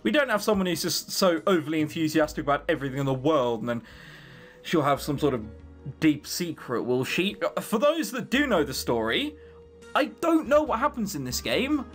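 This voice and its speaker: A man's voice: on the high side, sing-song, fairly quick, soft background music. An English man giving sarcastic, swear-laden commentary while playing a visual novel. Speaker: gaming YouTuber.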